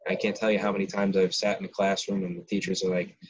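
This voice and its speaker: A man's voice: low voice, level tone, fast talker, breathy edge. A man around twenty, co-hosting a casual podcast, ranting his opinions heatedly with frequent restarts. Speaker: podcast co-host. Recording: dull lo-fi sound.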